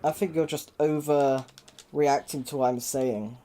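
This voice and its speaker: Blunt, mellow-voiced gamer on stream. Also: medium pitch, measured pace. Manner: blunt, flat delivery, swears at the game. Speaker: co-player in a versus game stream. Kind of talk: casual chat while gaming.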